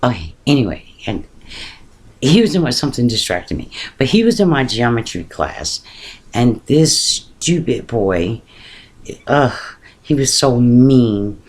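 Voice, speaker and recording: A woman's voice: a bass voice, big pitch swings. A middle-aged woman casually telling a personal story on her vlog, often stopping to repeat words as she looks for them. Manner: halting, repeats words while searching for them. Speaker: vlogger.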